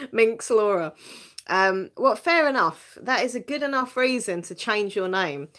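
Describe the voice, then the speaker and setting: A live stream host from Essex in England chats casually through viewer comments at a measured pace. Her mid-range, fairly bright voice has lively intonation, and she's self-mocking, laughs often, and repeats words to start sentences.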